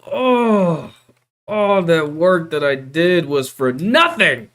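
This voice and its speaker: An exasperated streamer chats casually with viewers, groaning and swearing while venting. The voice climbs and drops dramatically, and the words come out slow and drawn out. Every other phrase ends in bro, dude or guys. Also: mid-range voice, sing-song, a bit bright. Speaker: streamer teaching 3D character creation. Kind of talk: casual live-stream chat.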